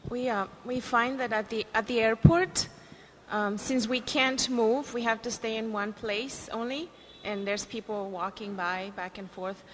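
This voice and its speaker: A woman in the audience asking a question hesitantly, with pauses and fillers. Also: fairly high pitch, fairly even intonation, slight background noise. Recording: echoey hall.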